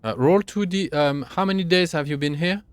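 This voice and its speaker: A man running a tabletop game as game master over an online call, narrating haltingly with many fillers. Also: fairly high pitch, smooth, no echo.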